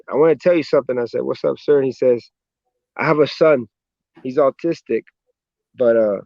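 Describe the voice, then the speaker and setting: A man's voice: mid-range voice, no room sound, muffled recording. A man with an American accent, a professional boxer, chatting casually in an interview and telling stories in a laid-back way, often swearing and tagging lines with "man".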